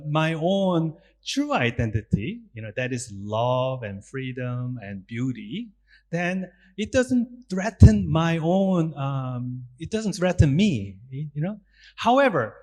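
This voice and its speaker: A man with a Korean accent, a Buddhist monk giving a public talk, asking his listeners questions and acting out little quotes. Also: a little high. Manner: animated, asks the audience questions, acts out quotes.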